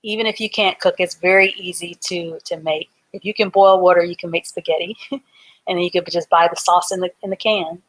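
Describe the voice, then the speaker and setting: A woman's voice: lowish voice, fairly even intonation, fairly quick, a bit bright, dry recording. A woman teaching a live online reading class, patiently sounding out words letter by letter and syllable by syllable.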